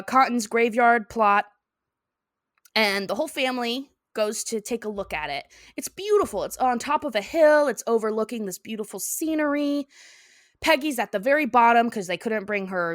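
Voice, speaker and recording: A woman's voice: fairly high pitch, a bit bright, no echo, studio quality. A woman co-hosting a podcast, animatedly recapping a cartoon episode and laughing often. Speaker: podcast co-host.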